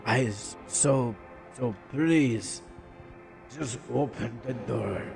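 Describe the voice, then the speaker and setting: A man voicing a pleading estranged father in a horror game, speaking softly and hesitantly. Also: medium pitch, extremely slow, creaky, faint music behind, voice pushed down. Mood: quiet, menacing. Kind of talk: reading horror game dialogue aloud.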